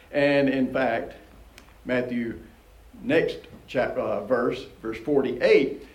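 A man gives a casual, conversational Bible teaching, reading and commenting on scripture, chuckling often, and rising animatedly in pitch. The recording is low quality and sounds roomy.

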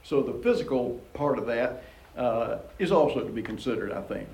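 A man's voice: normal speed, vocal fry, echoey room, slight background noise, poor audio. A man preaching a casual, conversational Bible teaching and chuckling often as he reads and comments on scripture. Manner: conversational, chuckles often, animated rises in pitch.

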